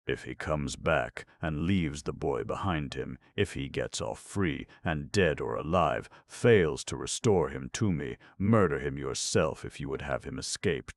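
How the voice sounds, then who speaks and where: A man voicing a scheming old male fence in an audiobook, wheedling with a croaking voice. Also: extremely low pitch, no echo, heavily acted. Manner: wheedling, flares into shouting rage. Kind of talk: audiobook character voice.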